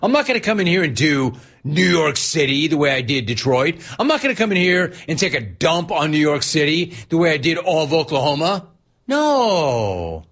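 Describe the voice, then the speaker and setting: A man putting on a mocking impression of a brash, boastful male sports caller, pushed higher than his normal voice. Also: sing-song, normal speed, a bit bright, heavily acted.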